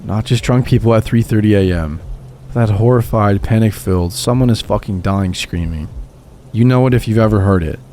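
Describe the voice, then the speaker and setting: A man narrating true scary stories in a calm, scripted storytelling read. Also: fairly low pitch, normal speed, a little hiss or hum. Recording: voice-over with music behind.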